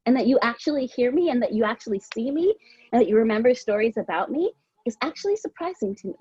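A woman's voice: a little high, lively intonation, quick pace, darkish tone, husky, no echo, lo-fi sound. A woman guest on a podcast, talking in a rambling, heartfelt way, a little out of breath. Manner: rambling with many "like" fillers, heartfelt. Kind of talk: casual interview chat.

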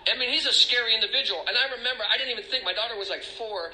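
A man's voice: very high voice, very fast, sharp tone. Middle-aged guy giving a confessional recovery talk, rambly and emotional, echoey hall sound. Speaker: recovery speaker. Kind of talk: personal testimony talk.

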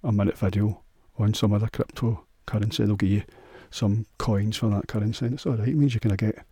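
A man's voice: fairly low pitch, fairly even intonation, brisk, warm tone, husky, dry recording, studio quality. A man with a Scottish accent hosting a solo podcast, rambling in a crude, sweary, offhand way. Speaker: podcast host.

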